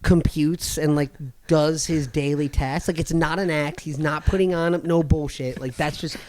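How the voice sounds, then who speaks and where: A man's voice: fairly high pitch, steady tone, normal speed, darkish tone. A young man, co-hosting a podcast, telling a long story in a casual, profane, often laughing way. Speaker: podcast co-host.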